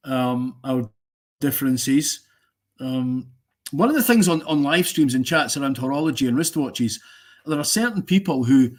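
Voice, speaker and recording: A man hosting a casual live stream, giving strong opinions in a rambling way and joking with viewers. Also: mid-range voice.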